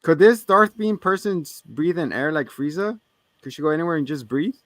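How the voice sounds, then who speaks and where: A man's voice: on the high side, expressive, a little fast, fairly bright tone, no room sound. A man co-hosting a casual movie review podcast, joking around, laughing often and swearing freely. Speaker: podcast co-host.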